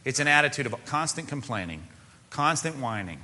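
Male pastor, animated and bright, chatty sermon delivery with rhetorical questions, long church reverb. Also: quick pace. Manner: conversational preaching with asides and rhetorical questions; mimics whining body parts in a high voice.

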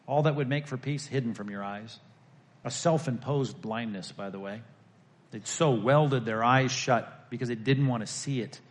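A male pastor preaching a sermon, talking conversationally with the congregation and moving between emphatic peaks and hushed lines. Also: medium pitch.

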